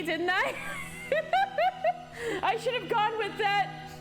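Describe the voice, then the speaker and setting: A woman streamer reading a visual novel aloud and reacting with animated, profane, casual commentary. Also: very high-pitched, drawn-out words. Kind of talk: live game playthrough, reading text aloud and reacting. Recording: game music underneath.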